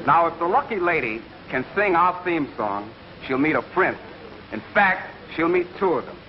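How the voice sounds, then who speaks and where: A man playing a show announcer, with smooth showman patter from a 1940s film. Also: fairly high pitch, animated, normal speed, lightly acted. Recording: dull hissy 1940s film sound.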